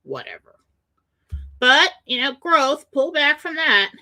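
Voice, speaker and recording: Woman, spiritual talk radio host, high bright voice, emotional storytelling. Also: huge pitch swings, slow pace, poor audio. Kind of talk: personal spiritual talk monologue.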